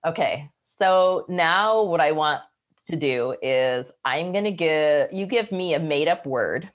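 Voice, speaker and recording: A woman's voice: sits low, expressive, slow pace. A woman guest on a podcast in casual chat, thinking aloud and meandering as she explains.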